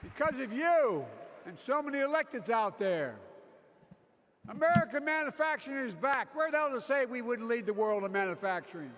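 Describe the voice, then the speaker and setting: A man's voice: animated, moderate pace, fairly bright tone. A man delivering a convention speech with emphatic, rallying oratory. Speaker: politician giving a speech. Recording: booming hall reverb, faint noise.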